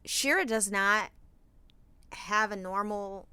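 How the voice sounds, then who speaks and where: Bright, candid, profane woman. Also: mid-range voice, slow, clean tone, dry recording. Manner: candid, profane, animated storytelling. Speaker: podcast co-host. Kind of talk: casual chat.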